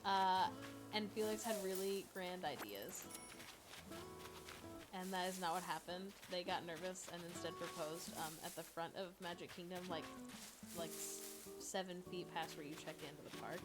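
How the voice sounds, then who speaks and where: A woman's voice: on the low side, moderate pace. A woman live streamer chatting casually and giggling while she plays a game, full of fillers. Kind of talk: casual chat while gaming. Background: game music.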